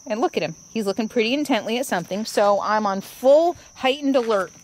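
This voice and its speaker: A woman's voice: a little high, expressive, brisk, slight background noise. A woman vlogging about her RV life at a trailhead, talking in a reflective, rambling way with restarts. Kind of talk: casual vlog monologue. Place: outdoors at a trailhead.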